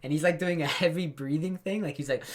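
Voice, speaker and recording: A young man co-hosting a podcast, telling rambling, profane stories and laughing through them in casual chat. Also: fairly high pitch. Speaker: podcast co-host.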